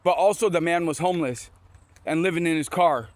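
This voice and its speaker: His voice is fairly high and fairly quick, recorded without echo. A casual motivational storyteller, he wanders and starts over often, sprinkling in quotes from scripture.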